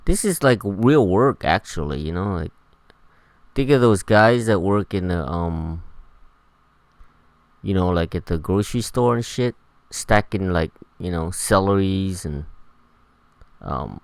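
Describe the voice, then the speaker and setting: A man's voice: sits low, animated, unhurried, creaky, pauses often, no room sound, low-quality recording. A man giving laid-back, rambling gameplay commentary, swearing freely as he plays. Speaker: gameplay streamer.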